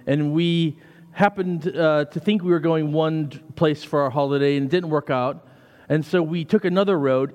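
American vicar preaching in a reverberant church. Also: male voice, a little high, a little mellow. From United States. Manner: conversational storytelling with asides. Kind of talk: sermon.

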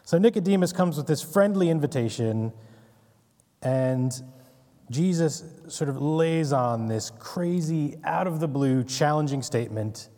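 A man's voice: fairly high pitch, lively intonation, a little slow, warm tone, in a large hall. A man giving a casual Bible study lecture, conversational, with wry asides and frequent "right?" checks. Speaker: Bible teacher.

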